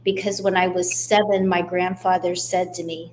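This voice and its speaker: A woman's voice: lowish voice, normal speed, few pauses, slight background noise. Candid woman guest telling her story. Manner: candid, steady personal storytelling. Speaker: guest author. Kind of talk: interview storytelling.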